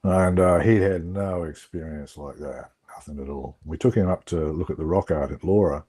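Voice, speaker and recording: A middle-aged man, telling stories in a relaxed, reflective way on a video call. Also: very deep voice, normal speed, slightly rough. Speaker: guest. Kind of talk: casual storytelling on an online call.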